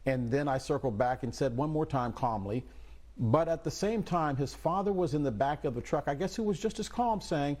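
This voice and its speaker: A man's voice: fairly high pitch, moderate pace, a little mellow. A man anchoring a news program, putting questions to an analyst in a conversational way. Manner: conversational, recounting testimony. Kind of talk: news interview.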